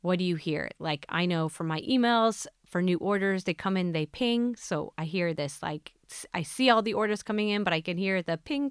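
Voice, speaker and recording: A woman's voice: on the low side, normal speed, smooth, dry recording, clean studio sound. A woman hosting a motivational podcast, talking earnestly and coaching the listener with repeated questions. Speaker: podcast host.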